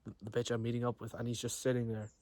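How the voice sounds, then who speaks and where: A man's voice: medium pitch, completely flat delivery, racing, a little mellow, no echo. A young man telling a story to camera outdoors, in a slangy, profane, rambling way with lots of restarts. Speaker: vlogger. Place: outdoors near trees. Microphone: camera he films himself with.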